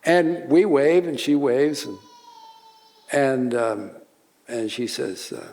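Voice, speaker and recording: An older man telling a warm story at a conference seminar, chuckling as he goes. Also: medium pitch, slow, long pauses. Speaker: speaker. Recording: long hall reverb.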